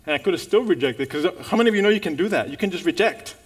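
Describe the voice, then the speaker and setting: A male pastor preaching to a congregation, his voice sitting a touch high for a man. He tells his story in an animated way, full of restarts and calls to the room. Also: very fast, slightly rough. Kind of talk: sermon. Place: church in front of a congregation.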